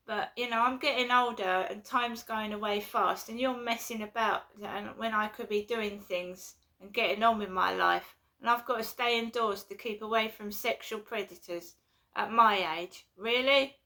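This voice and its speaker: Gravelly, fired-up woman in her fifties. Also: on the high side, normal speed, pushed and bright. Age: 50s. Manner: agitated, swearing, repeats herself. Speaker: vlogger. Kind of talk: angry ranting vlog. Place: at home indoors.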